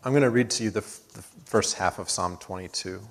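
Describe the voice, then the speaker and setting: Guy pastor giving a sermon in church, lowish voice, earnest, swells up loud then goes quiet. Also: fairly quick. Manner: earnest, builds to emphatic peaks then drops soft. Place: church sanctuary.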